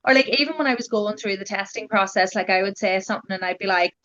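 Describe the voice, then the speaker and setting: A woman's voice: mid-range voice, quick pace, fairly bright tone, highs cut off. A young adult woman, telling her story as a guest in a casual, chatty way, full of "like" and "you know". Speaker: guest sharing her genetic testing experience.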